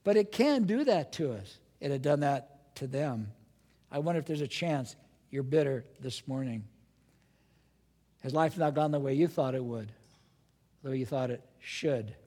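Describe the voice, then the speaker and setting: A man preaching a sermon as a pastor, animated and dramatic, asking rhetorical questions and acting out his listeners' voices. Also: mid-range voice, moderate pace, pauses often, long reverb tail.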